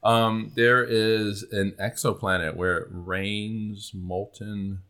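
Low bright-voiced guy hosting an astronomy podcast, lots of ums. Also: little pitch movement, takes it slowly. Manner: rambling, many fillers, laughs easily. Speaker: podcast host. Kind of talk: casual astronomy podcast chat.

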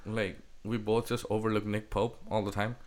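A man's voice: on the low side, level tone, normal speed, darkish tone. A man hosting a casual football podcast chat, blunt and swearing freely, from India. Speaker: podcast host.

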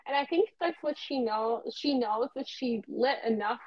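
A woman telling a story in casual chat, animated, swearing freely and acting out past conversations. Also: a little high, moderate pace, no room sound, highs cut off.

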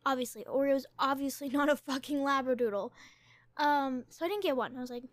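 A young woman from Canada tells a story on her podcast in a loose, rambling way, leaning on "like" and restarting her sentences. Her voice sits high, and the recording is dry, with no room sound around her. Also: a little fast, dry recording. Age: young adult. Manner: rambling, chatty, filler-heavy with frequent "like". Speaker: podcast host.

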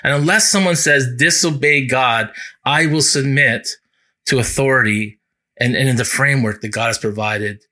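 A male pastor preaching a sermon, earnest, often slowing down to stress key words. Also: medium pitch, sharp tone.

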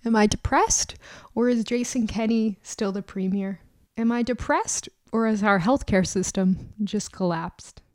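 Woman, mid pitch, podcast host, casual and self-mocking comic patter. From Alberta, Canada. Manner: chatty and self-deprecating, joking asides. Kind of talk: casual comedic monologue.

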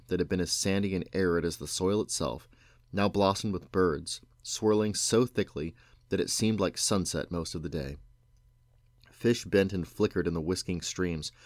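Low-voiced dad reading a storybook to his kids, dry close sound. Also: no room sound. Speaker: parent reading aloud. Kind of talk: reading a novel aloud.

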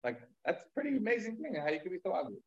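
A haughty, self-important rabbi mocking a stranger, his voice jumping up high in exaggerated wonder, as a man telling the story acts him. Muffled, lo-fi sound. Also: sing-song, rapid-fire, husky, heavily acted.

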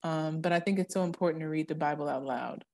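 A woman's voice: sits low, fast talker, a little mellow. A young adult woman co-hosting a Christian podcast in casual chat, talking earnestly and leaning dramatically into the words she stresses. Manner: earnest, emphatic, dramatic when quoting scripture. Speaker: podcast co-host.

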